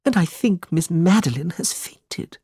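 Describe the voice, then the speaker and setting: A man reading aloud voices a frail old woman, lifting his pitch far up and slowing right down. She sounds small and trembling, with a breathy edge. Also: expressive, a little mellow, no echo, studio quality, heavily acted. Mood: shaken. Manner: slow, quavering and high.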